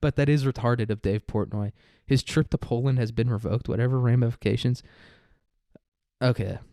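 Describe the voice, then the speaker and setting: Male podcast host, casual profane rant, mid-pitch voice, dry booth sound. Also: steady tone, normal speed, warm tone, no room sound. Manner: profane, sarcastic, mocking mimicry; laughs through his own jokes. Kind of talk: casual ranting commentary.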